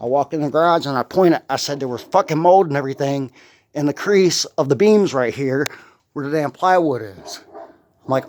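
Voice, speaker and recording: A man's voice: on the high side, lively intonation, normal speed, a little mellow, slight background noise. A young man ranting on a handheld phone video outside his house, angry and profane, with blunt slang and an irritable edge from constant pain. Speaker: homeowner vlogging. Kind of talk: ranting vlog.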